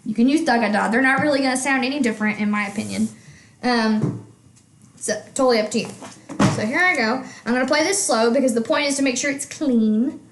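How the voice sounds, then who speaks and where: A woman teaching music in a relaxed, conversational way, her voice sitting a little on the high side. She keeps checking in with her listener as she explains. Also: brisk, reverberant, a little hiss or hum. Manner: chatty, checks in with frequent "okay?". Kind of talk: casual instruction.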